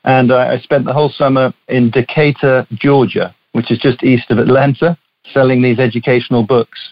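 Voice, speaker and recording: A man's voice: medium pitch, steady tone, moderate pace, no echo, dull audio. A man in his fifties with an English accent, a company chief telling his story as a podcast guest in easy, chatty talk. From southeast England. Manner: chatty storyteller with small restarts. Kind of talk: casual interview chat.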